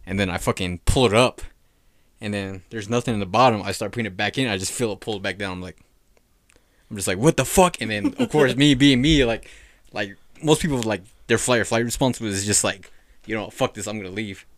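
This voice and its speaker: A man's voice: lowish voice, fairly quick, no room sound. A young man telling a spooky story in casual podcast chat, rambling and swearing, full of fillers. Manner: rambling, profane, lots of "like".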